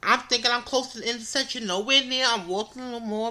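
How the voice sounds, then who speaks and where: Young new woman on a podcast, high bright voice, ranting and retelling stuff for laughs. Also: fast. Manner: animated, exasperated, repeats words for comic effect. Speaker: podcast co-host. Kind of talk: casual storytelling.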